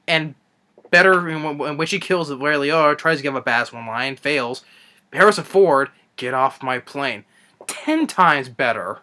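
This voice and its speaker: Young man, movie rant, exasperated, stumbling restarts, bright forceful voice. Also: a little high. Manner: exasperated, halting, many restarts. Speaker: movie reviewer. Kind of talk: ranting movie review.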